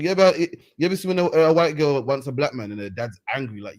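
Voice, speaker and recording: A man's voice: a little high, expressive, fast. A man hosting a reaction commentary, heated and mocking, ending phrases with "man". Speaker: host. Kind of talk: street preaching reaction commentary.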